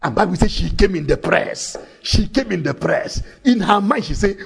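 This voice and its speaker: A man preaching a sermon, fervent and shouting at times, telling stories and calling out to the crowd. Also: sits high, animated, normal speed, gravelly. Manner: fervent, shouting, storytelling with call-outs.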